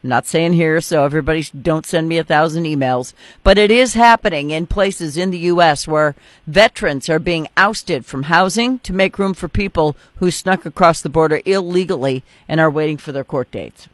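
A man's voice: fairly high pitch, moderate pace, no room sound. A man hosting a political talk show, casual and opinionated, joking with his guest.

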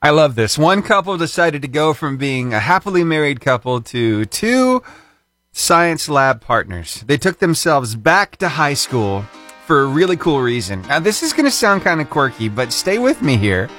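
A man's voice: a little high, sing-song, normal speed, a bit bright, dry recording, soft background music. A man hosting a short radio feature segment, telling the story in a chatty, playful way with punchy emphasis. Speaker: radio host.

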